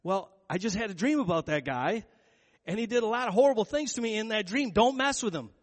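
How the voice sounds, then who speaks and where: A man voicing an insistent, worried wife warning her husband, raising his voice in pitch and volume. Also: animated, fairly quick, long reverb tail. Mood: urgent.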